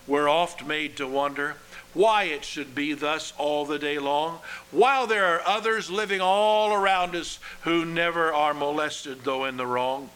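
A man preaching a sermon in a slow, earnest way, letting his phrases drop softly at the ends. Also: on the high side, smooth, poor audio.

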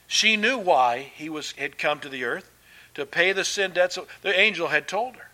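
A man preaching a sermon as pastor, emphatic and swinging between loud and soft, with conversational asides and restarts. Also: fairly high pitch, normal speed.

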